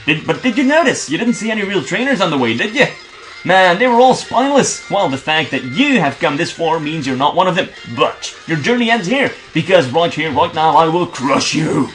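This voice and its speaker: A man's voice: on the high side, big pitch swings, normal speed, a bit bright, soft background music. A man reading out the lines of a boastful, taunting young male rival trainer from a video game.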